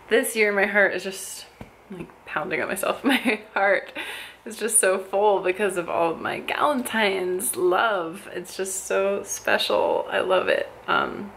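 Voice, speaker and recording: A young woman chatting casually to camera in her bedroom, gushing and excited, with frequent gasps and little laughs. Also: medium pitch, creaky. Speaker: lifestyle vlogger. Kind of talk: casual vlog chat. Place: home bedroom.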